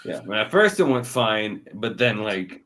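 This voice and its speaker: Young man, low voice, very lively pitch; giggly casual recapper full of "like"s. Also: measured pace. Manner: laughs often, lots of filler likes, voices scenes in jumps of pitch. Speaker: anime review podcast co-host. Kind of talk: casual chat.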